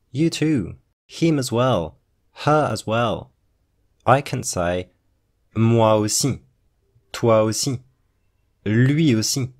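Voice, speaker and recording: A man speaks in a low voice and a slow, unhurried way. He reads sentences aloud, translates them, and explains the grammar step by step, like a patient teacher. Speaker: French teacher. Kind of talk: slow explanatory language lesson.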